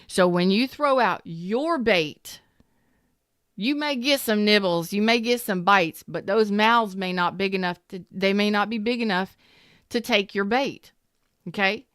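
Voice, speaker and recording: A woman's voice: medium pitch, measured pace, a bit bright, no echo, clean studio sound. A woman giving a casual tarot reading, talking in an emphatic, repetitive way and drifting into a personal story. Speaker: tarot reader.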